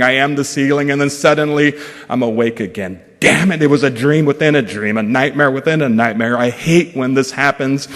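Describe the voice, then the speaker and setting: A man giving a dramatic reading of his own prose as guest speaker. He talks slowly and measuredly and often sinks to a hushed voice. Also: mid-range voice. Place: large event hall at a fundraising breakfast. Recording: long reverb of an event hall.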